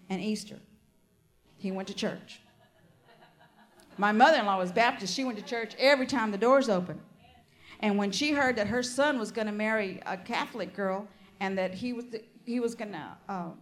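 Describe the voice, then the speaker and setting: An older woman preaching a sermon, fervent and peppered with amens and hallelujahs, telling personal stories with asides. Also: medium pitch.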